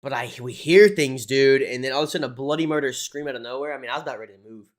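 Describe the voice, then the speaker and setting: A man's voice: medium pitch, rapid-fire. A young man hosting a livestream, talking casually about crypto charts and often saying "dude" and "um". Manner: casual, swears often, says "dude" and "um" a lot.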